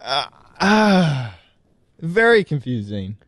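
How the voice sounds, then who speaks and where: A man's voice: fairly high pitch, sing-song, slow pace, fairly bright tone, no echo. A man co-hosting a casual comedy commentary on a video, riffing and joking. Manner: jokey, giggly, riffing. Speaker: co-host.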